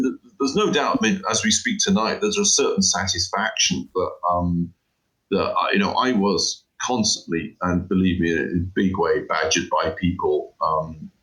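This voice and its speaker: A man's voice: deep voice, a bit bright, rough recording. A middle-aged man, an interview guest who talks about his work in an emphatic, rambling way and says "you know" often. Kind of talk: casual interview chat.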